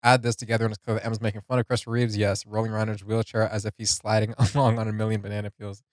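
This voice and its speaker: A man's voice: fairly low pitch, little pitch movement, rapid-fire, a little mellow, dry recording, studio quality. A man hosting a music reaction video, talking casually, laughing often and reading notes aloud with lots of fillers.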